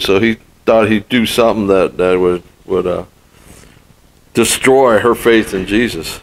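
A man's voice: on the low side, fairly even intonation, moderate pace, low-quality recording. An older man preaching a sermon as pastor, telling folksy stories and repeating phrases for emphasis.

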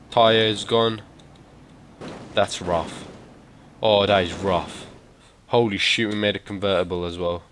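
An energetic young man giving excitable, swear-heavy commentary on a driving game. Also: on the low side, takes it slowly, long pauses. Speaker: gaming YouTuber. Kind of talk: gameplay commentary. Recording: loud game car noise behind.

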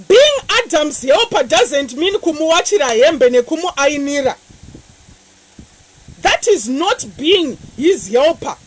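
A woman evangelist, preaching a sermon with animated, repetitive emphasis. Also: extremely high pitch, poor audio. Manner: animated preaching, repeating phrases.

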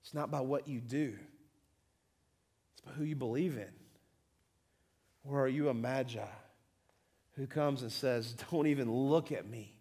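A man preaching a church sermon, full of rhetorical questions, swinging between loud emphasis and quiet, low-key appeals. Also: fairly even intonation, measured pace, pauses often, slightly rough. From southern United States. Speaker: pastor. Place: church sanctuary.

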